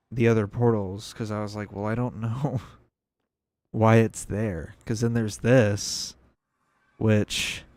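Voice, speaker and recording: A man's voice: on the low side, a little mellow. A young man giving casual, rambling commentary on a video game as he plays, thinking aloud. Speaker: gameplay video creator.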